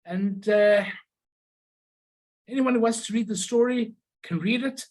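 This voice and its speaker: A presenter giving an informal illustrated talk on old stamps and postcards, pausing often, restarting phrases and correcting themselves. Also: mid-range voice, darkish tone, rough recording. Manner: halting, many restarts and self-corrections.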